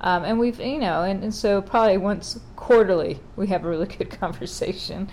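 A woman's voice: mid-range voice, a little fast, a little mellow, a little hiss or hum. A middle-aged woman talking casually in a wry, exasperated monologue.

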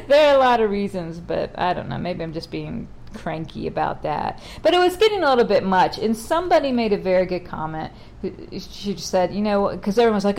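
A woman's voice: mid-range voice, lively intonation, brisk, a little mellow. A middle-aged woman talking casually in a wry, exasperated monologue.

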